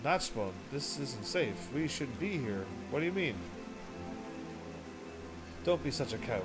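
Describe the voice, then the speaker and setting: A man's voice: mid-range voice, expressive, unhurried, over loud music, close to an everyday voice. A man voicing an earnest adventurer, reading the lines aloud in a plain, everyday voice. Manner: read aloud plainly from game text.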